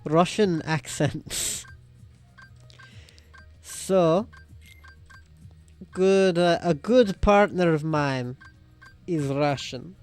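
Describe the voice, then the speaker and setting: A woman guest on a let's-play, telling rambling stories and teasing the player with deadpan remarks. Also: deep voice, extremely slow, pauses often, faint music behind. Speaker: guest co-host. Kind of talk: casual let's-play banter.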